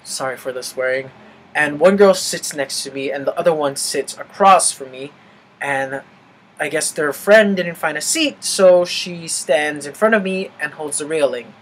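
A young man venting in a casual vlog, animated and swearing freely. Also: a little high, unhurried, rough recording. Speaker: vlogger.

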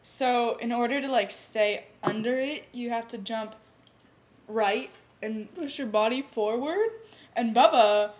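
A woman vlogger telling a rambling, animated story in casual chat with a friend. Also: on the high side. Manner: rambling animated storytelling, bursts of fast talk.

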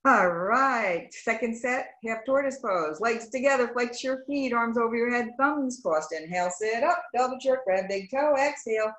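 A woman yoga instructor teaching a live class over a video call, calling out poses in brisk, clipped commands and greeting students warmly by name. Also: fairly high pitch, reverberant, low-quality recording. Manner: brisk rapid-fire commands in short clipped phrases. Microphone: video call microphone.

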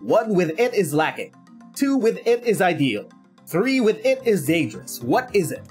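A man's voice: high voice, big pitch swings, normal speed, a little mellow, faint music behind. A man voicing a chorus of forest insects, chanting a riddle in a sing-song way. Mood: eerie.

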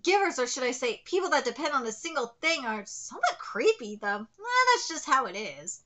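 A woman reading out the lines of a laid-back male geezer musing in a manga café scene, calm and low. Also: brisk, full character voice.

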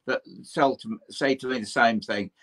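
A man's voice: mid-range voice, normal speed, fairly bright tone. An older Englishman, a historian and paranormal investigator, telling a personal ghost story in an interview, acting out the voices of the people in it and swearing mildly now and then. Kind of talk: animated storytelling in conversation.

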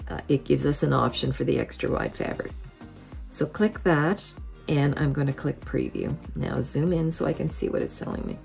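A woman hosting a quilting software tutorial, explaining each step methodically as a voice-over. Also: low voice, gravelly.

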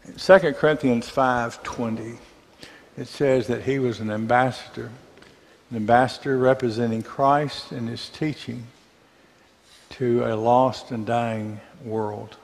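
A man from Mississippi with a Southern accent, teaching a church Bible class in a conversational way, asking the class questions and pausing on fillers. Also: medium pitch, fairly even intonation, gravelly, in a large hall.

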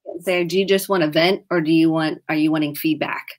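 A woman's voice: deep voice, fairly even intonation, a little fast. Woman therapist coaching on a video call. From Indiana, US. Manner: warm, coaching, acts out example dialogue. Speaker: licensed therapist. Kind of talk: video-chat conversation.

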